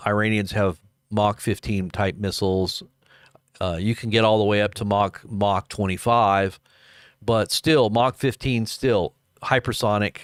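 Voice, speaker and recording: A man's voice: fairly low pitch, clear, resonant tone, no room sound, clean studio sound. A man from the United States hosting unscripted live news commentary, rambling with many fillers and restarts.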